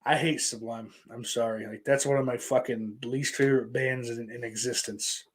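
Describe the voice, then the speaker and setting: A man's voice: mid-range voice, steady tone, moderate pace, husky. A man from hosting a podcast, rambling in casual chat, with lots of swearing, fillers and restarts. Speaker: podcast host. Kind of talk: casual chat answering viewer questions.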